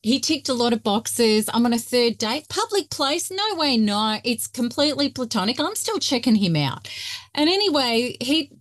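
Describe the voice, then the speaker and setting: Passionate woman, higher voice, dry sound. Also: sing-song, moderate pace, no room sound. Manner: emphatic, passionate, often acting out quoted voices. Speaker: guest expert on narcissistic abuse. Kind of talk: animated interview storytelling.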